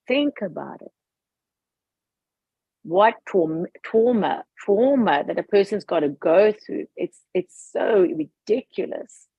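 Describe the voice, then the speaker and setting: A woman's voice: on the low side, gravelly, breathy edge, no echo. A woman guest talking with passion, emphatic and outspoken about her views. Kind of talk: passionate personal talk. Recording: dull lo-fi recording.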